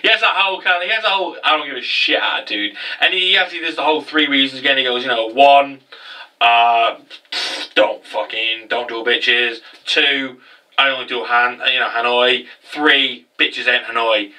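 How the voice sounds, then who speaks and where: A man casually recapping an anime episode in a chatty, sweary, animated way. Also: medium pitch, moderate pace, distant mic, rough recording.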